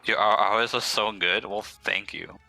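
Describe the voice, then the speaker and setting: A man's voice: on the low side, steady tone, slow pace, gravelly, pushed and bright, faint music behind. A man guest streamer chatting casually, restarting sentences and repeating words as he rambles.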